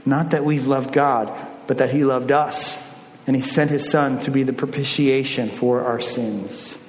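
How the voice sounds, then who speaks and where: A man preaching a sermon, swinging between emphatic lines and hushed ones. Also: medium pitch, fairly even intonation, unhurried, slight background noise. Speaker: pastor. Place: church sanctuary. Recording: long church reverb.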